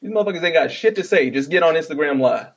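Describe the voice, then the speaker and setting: A man's voice: a little high, expressive, quick pace, slight background noise. A man delivering a profane, exasperated comedic rant with stammering restarts. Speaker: vlogger ranting.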